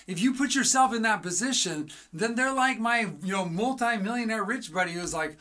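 A writing coach teaches in a motivational style, with a bright and forceful voice. The delivery is energetic. The coach asks the listener rhetorical questions and acts out little conversations. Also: mid-range voice, normal speed, few pauses.

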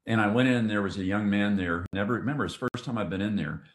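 Male podcast guest, lowish voice, emotional testimony storyteller, roomy echo. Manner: earnest, emotional, halting with restarts. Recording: echoey room.

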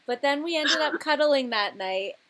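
A woman's voice: high voice, lively intonation, normal speed, a bit bright, a little hiss or hum. A young woman hosting a casual chat, talking loosely with lots of fillers and frequent laughter. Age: young adult. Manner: chatty, laughs often, says "like" a lot.

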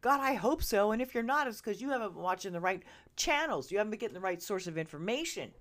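A woman hosting a podcast, ranting straight at her listeners, swearing freely and swinging from loud outbursts to hushed asides. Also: medium pitch, animated, fast. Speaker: podcast host. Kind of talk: ranting opinion monologue. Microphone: earbud listeners, close mic.

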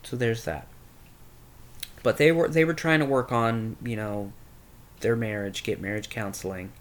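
A man's voice: mid-range voice, steady tone, a little slow. A young man candidly telling a personal story, rambling and swearing, as a podcast host. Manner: candid, rambling, with crude language.

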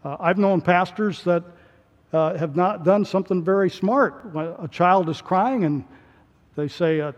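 A male pastor delivering a sermon in an animated way, his voice rising to emphatic peaks. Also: high voice, measured pace. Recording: long hall reverb.

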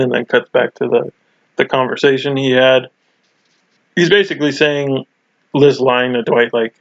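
A man's voice: mid-range voice, steady tone, a little slow, long pauses, no echo. Chatty man with dry, dull sound. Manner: chatty, laughs often, restarts and fillers. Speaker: podcast co-host. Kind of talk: casual chat.

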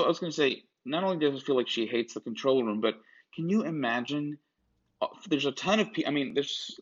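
A man's voice: mid-range voice, a bit bright, husky. A man co-hosting a podcast in casual chat, rambling with many restarts and asides. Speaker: podcast co-host. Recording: dull lo-fi sound.

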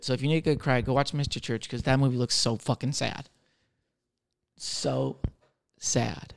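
A man in his thirties speaks in a creaky, medium-pitched voice with a steady tone, normal speed and long pauses. A server and solo podcaster, he answers question cards in casual talk, crude and sarcastic as he mocks himself through his stories.

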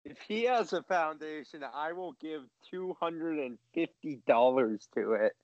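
A man's voice: fairly high pitch, a little slow. A man co-hosting a casual podcast, cracking dry jokes. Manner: dry, wisecracking. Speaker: podcast co-host. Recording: dry, dull lo-fi mic.

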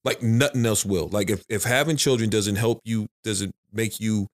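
A man's voice: fairly low pitch, normal speed. A man who is a father of three, talking frankly and emphatically in a casual podcast conversation, repeating his phrases as he goes.

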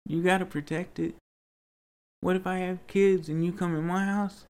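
Man, gravelly voice, slightly high, earnest rambling storyteller, interview. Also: flat delivery, normal speed.

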